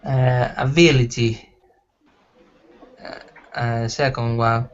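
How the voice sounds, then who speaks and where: A man answering as a student in an English lesson, halting and searching for words. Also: medium pitch, steady tone, dull audio. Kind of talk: hesitant answers in a language class.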